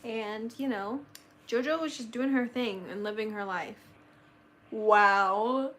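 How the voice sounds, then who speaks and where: A teenage girl chatting casually on a live stream, excitable and nostalgic, gasping often and saying "like" a lot. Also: a little high, slow pace, slight background noise. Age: teen, about to turn sixteen. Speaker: livestreamer.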